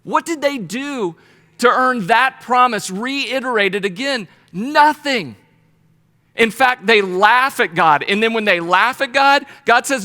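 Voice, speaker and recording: A man teaching a Bible study in a casual, conversational sermon style, telling the story with animated asides and playful paraphrased voices. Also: high-pitched, a little slow. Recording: long reverb of a hall.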